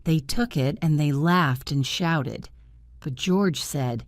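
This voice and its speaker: Woman narrator, slow careful reading, lowish voice, dry close sound. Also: no echo. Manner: slow, clear reading of a simple story. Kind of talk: graded-reader story narration.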